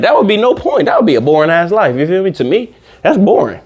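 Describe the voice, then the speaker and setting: A man with a fairly high voice talks casually to his viewers in a reaction video. He rambles and preaches about life, swearing freely as he goes. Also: big pitch swings, fast, a little mellow, breathy edge.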